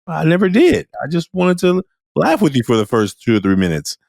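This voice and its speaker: A man's voice: mid-range voice, a little fast, gravelly, no echo, clean studio sound. A man hosting a podcast as a teacher, chatting casually and acting out what he tells his students. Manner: animated, acts out remarks to students. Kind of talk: casual conversational reflection.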